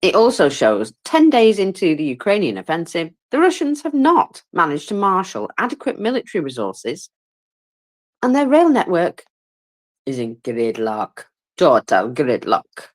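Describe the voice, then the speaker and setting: Low-voiced, tired woman chatting informally. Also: wildly swooping pitch, a little slow. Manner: chatty and informal, with many fillers and asides; wry, self-mocking humor. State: tired, yawning. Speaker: war commentator. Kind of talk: casual live audio-room commentary.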